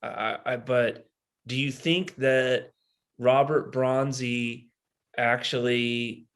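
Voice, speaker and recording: A man co-hosts a podcast, thinking out loud and speculating. He starts his sentences hesitantly and speaks at a middle pitch. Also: fairly even intonation, slow pace. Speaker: podcast co-host. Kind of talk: casual chat.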